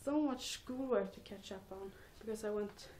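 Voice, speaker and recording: A woman's voice: mid-range voice, normal speed, a little mellow, slight background noise. A teenage girl rambling casually in a home vlog, giggling and mocking herself between thoughts. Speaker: vlogger.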